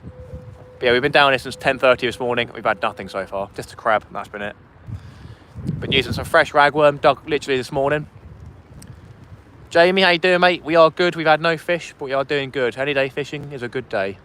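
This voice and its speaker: A man's voice: mid-range voice, fairly quick, fairly bright tone, a little hiss or hum. A man hosting a fishing livestream in casual chat, talking to viewers outdoors on a phone. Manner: chatty, reads out chat and thanks donors. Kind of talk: casual live-stream chat. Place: outdoors by the sea wall. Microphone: phone streaming vertically.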